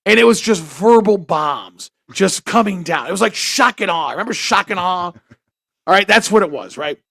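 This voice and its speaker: High-voiced, gravelly male storyteller. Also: expressive, moderate pace, fairly bright tone, dry recording, clean studio sound. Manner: rambling crude storytelling, often laughing. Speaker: podcast co-host. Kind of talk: casual chat.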